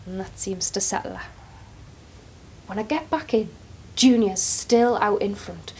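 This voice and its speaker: A woman, performing a dramatic monologue as a care worker who shifts between quiet asides and excited outbursts. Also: medium pitch, unhurried, husky.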